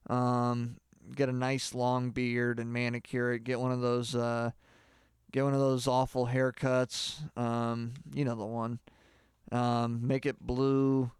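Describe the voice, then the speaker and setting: A man giving a deadpan mock singing lesson, rambling and halting with lots of filler words. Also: medium pitch, smooth, no echo, clean studio sound. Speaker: comedy mock singing teacher.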